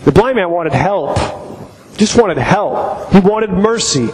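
Middle-aged male pastor, high-pitched and halting in a sermon, recorded in an echoing church hall. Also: animated, a little mellow. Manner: halting, repeats words while telling stories. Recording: long reverb in a hall, faint noise.

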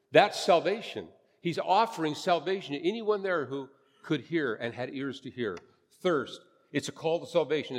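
A man's voice: a little high, big-room sound. A man preaching a sermon as a pastor, earnest and emphatic, repeating his phrases for weight.

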